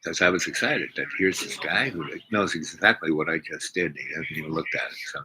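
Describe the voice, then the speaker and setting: A man's voice: very deep voice, a little fast. An older man telling a rambling personal story, meandering through restarts and asides. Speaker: speaker. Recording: noisy recording with clicks.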